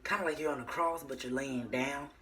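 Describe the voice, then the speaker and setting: A woman's voice: rumbling low, brisk, very noisy. A young woman telling her viewers a personal story in a casual, meandering way, full of fillers and restarts. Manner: addresses viewers as y'all.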